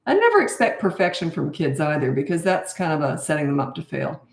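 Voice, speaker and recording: In a live Q&A chat, a woman in her sixties from Canada, a parenting coach, responds to viewers with candor and self-deprecating humor. She has a deep, gravelly voice, talks fairly quickly, and the room sounds echoey.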